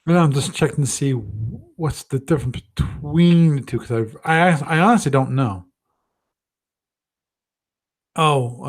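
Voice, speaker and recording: A man hosting a live stream, chatting casually and thinking aloud, with frequent restarts and self-deprecating asides. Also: medium pitch. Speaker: host of a gaming livestream.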